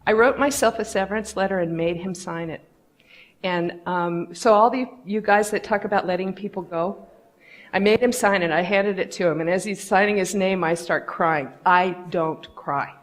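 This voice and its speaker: A woman's voice: mid-range voice, moderate pace. A middle-aged woman giving a candid storytelling talk to an audience, acting out the voices she quotes. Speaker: conference speaker.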